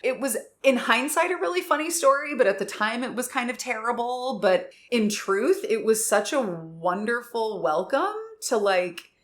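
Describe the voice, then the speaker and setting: A young adult woman co-hosting a podcast, telling a story in casual chat, animated and laughing, acting out quotes with big leaps in her voice. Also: on the high side, moderate pace, hardly any pauses. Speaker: podcast co-host.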